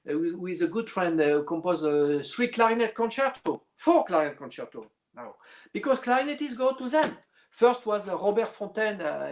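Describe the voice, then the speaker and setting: A middle-aged man, a clarinetist guest speaking in a casual interview and often pausing to search for words. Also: high-pitched. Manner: halting, searching for words with many fillers.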